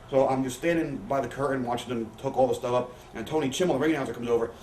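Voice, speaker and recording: Male interview guest, rapid rambling storyteller with salty language; roomy home recording, faint hiss. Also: medium pitch, a little mellow, far from the mic. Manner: profane, rambling anecdotes with quoted voices. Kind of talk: candid storytelling. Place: living room.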